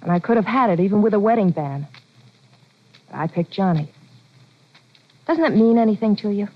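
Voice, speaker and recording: A woman's voice: medium pitch, lively intonation, normal speed, natural voice. A woman playing an anxious, devoted boxer's wife in 1940s radio acting, earnest and pleading. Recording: dull lo-fi old radio recording.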